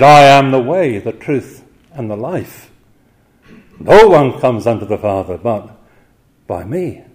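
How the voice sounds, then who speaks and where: A man preaching, earnest and emphatic as he builds his points with rhetorical questions. He slows down deliberately when quoting scripture. His voice sits at an ordinary middle pitch. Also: a little mellow. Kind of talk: evening sermon.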